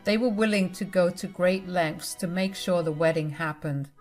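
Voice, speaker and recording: Young woman telling her family drama story, talks right to the listeners, lowish voice. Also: moderate pace, soft background music. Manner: confiding and emotional, addressing listeners directly. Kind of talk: first-person story narration.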